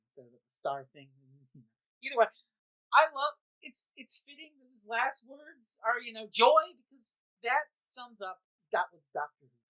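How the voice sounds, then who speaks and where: A woman co-hosting a casual review podcast, excitable, swearing freely and repeating herself as she talks. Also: fairly high pitch, poor audio. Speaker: podcast co-host. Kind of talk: casual chat.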